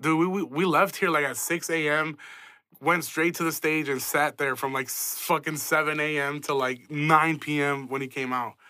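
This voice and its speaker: A man's voice: on the high side, fairly even intonation, normal speed, bright, forceful tone, no echo, studio quality. A young man hosting a podcast, telling stories in a profane, self-mocking, casual way and laughing often. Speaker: podcast host. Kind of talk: casual storytelling.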